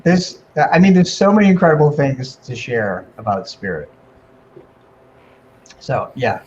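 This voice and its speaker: A man guest on a talk radio show, telling an emotional personal story in a casual, animated way with many fillers. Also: medium pitch, measured pace, dull audio, slight background noise. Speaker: guest medium and author.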